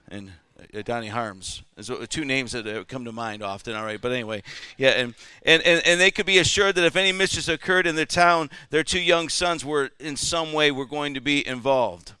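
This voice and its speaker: Preaching at a Pentecost Sunday church service, this pastor's fairly high, bright voice carries a forceful yet smooth tone, captured in studio quality with no echo. He draws the congregation into call-and-response and checks in as he goes, asking "all right?" again and again.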